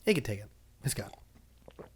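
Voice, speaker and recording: A man hosting a casual comics podcast, retelling a story in an animated way and acting out the characters' lines. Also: fairly low pitch, normal speed, breathy edge. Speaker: comics explainer host.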